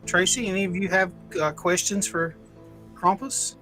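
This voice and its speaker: A man's voice: sits high, normal speed, sharp tone, soft background music. A male host inviting questions and teasing his co-hosts in short remarks.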